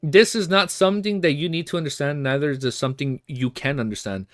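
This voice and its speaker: A man voicing a calm, aloof male church agent while reading a novel aloud, in an even reading manner. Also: a little high, fast, natural voice.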